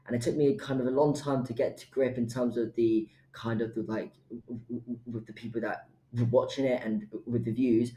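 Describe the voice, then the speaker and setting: Young man, flat mellow voice, roomy echo, earnest. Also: mid-range voice, normal speed, slight background noise. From United Kingdom. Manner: earnest, stammers at times. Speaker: guest podcaster. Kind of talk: emotional personal story.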